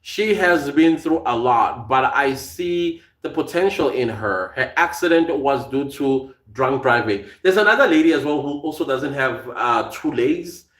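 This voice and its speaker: A man's voice: medium pitch, expressive, measured pace, hardly any pauses, a bit bright, echoey room. A South African man with a slight American tinge to his accent, hosting a live podcast and reading out viewer comments, chatty and laughing often. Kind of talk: casual live-stream chat.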